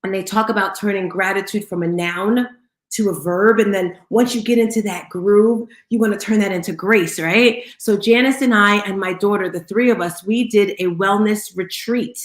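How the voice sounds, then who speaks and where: A woman's voice: mid-range voice, moderate pace, reverberant. A woman hosting a live audio chat room, upbeat and greeting listeners by name as she speaks to the room. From Bermudian family. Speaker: host.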